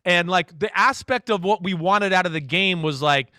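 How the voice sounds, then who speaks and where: A man in his forties, a former quarterback, telling a story as a guest on a radio talk show and acting out quotes loudly. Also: high-pitched, normal speed, dry recording, clean studio sound. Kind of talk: casual radio interview.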